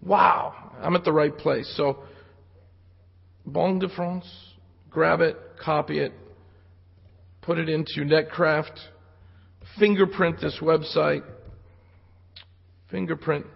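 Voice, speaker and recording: A man presenting a technical talk with live demos at a security conference speaks slowly, with long pauses and fairly even intonation, tossing casual jokes to his audience. Jet lag has left his slightly high male voice raspy and fraying. The recording from the conference hall is lo-fi, with lengthy reverb.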